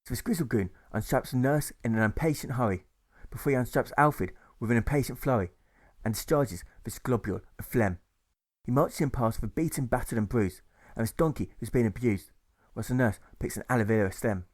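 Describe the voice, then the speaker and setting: A man's voice: medium pitch, brisk. A man narrating his own rhyming novel as an audiobook, reading rhythmically and stressing the rhymes.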